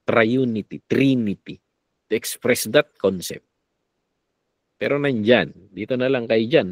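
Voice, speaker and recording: A man with a Filipino accent teaching a Bible lesson, switching between Tagalog and English, animated, with sarcastic asides. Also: mid-range voice, dry recording. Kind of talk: Taglish Bible lecture.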